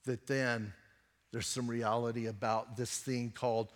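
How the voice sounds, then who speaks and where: A man who is a pastor, preaching a sermon and telling a personal story in a conversational way, moving between emphatic and hushed delivery. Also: mid-range voice, level tone, unhurried, in a large hall.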